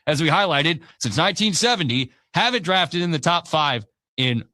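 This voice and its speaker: A man's voice: fairly high pitch, expressive, sharp tone. A man hosting sports radio talk, casual and opinionated. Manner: casual, opinionated, quick asides. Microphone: studio mic.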